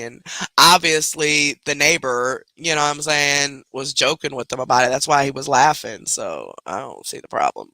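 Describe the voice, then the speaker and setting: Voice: medium pitch, pushed and bright, no room sound. A host commenting casually on played videos, talking to viewers in slang and laughing openly. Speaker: reaction commentator.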